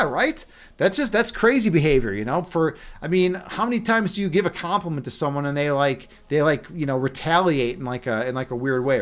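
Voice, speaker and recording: A man's voice: on the high side, fairly bright tone. A young adult man chatting casually on a live stream, telling stories and reading chat, with many fillers and restarts.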